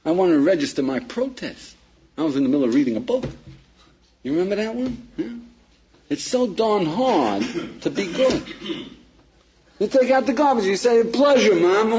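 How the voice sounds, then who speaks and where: Rabbi guy teaching a class, raspy voice going way up and down, acts out the back and forth, muffled old tape sound. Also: mid-range voice, warm tone. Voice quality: husky. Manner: acts out little dialogues and asks the class rhetorical questions. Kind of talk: lively classroom lecture. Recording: dull lo-fi archive lecture recording.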